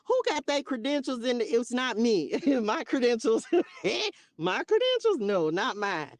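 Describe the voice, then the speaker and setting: A woman's voice: on the high side, big pitch swings, unhurried, no echo. A woman hosting a spiritual live stream, chatting casually and playfully with her viewers in a loose, slangy way.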